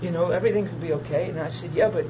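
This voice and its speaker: Guy preaching his testimony, high voice, goes quiet then loud and teary, dull noisy recording. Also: rapid-fire. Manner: emotional, swings from hushed to loud laughing and crying. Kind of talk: testimony storytelling. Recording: dull lo-fi audio with noise.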